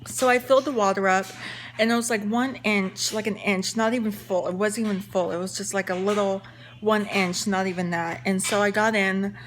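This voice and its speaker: A young woman tells a story to her viewers in a chatty, rambling way, full of fillers and restarts. Her voice sits at a middle pitch, with a faint hiss behind it. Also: steady tone, normal speed. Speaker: vlogger. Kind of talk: casual story time.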